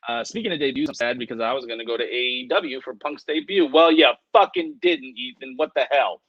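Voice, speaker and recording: Casual stream co-host, male, animated swing in pitch, muffled lo-fi close sound, rambling and profane. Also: brisk, no room sound. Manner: profane, rambling, reads viewer comments aloud. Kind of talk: casual livestream chat.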